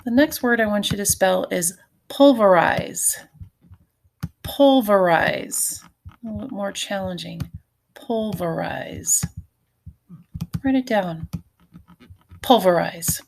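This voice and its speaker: A woman's voice: mid-range voice, measured pace, gravelly, pauses often, a little hiss or hum. A middle-aged woman teacher giving a recorded phonics lesson, patiently sounding out syllables and letters for her students.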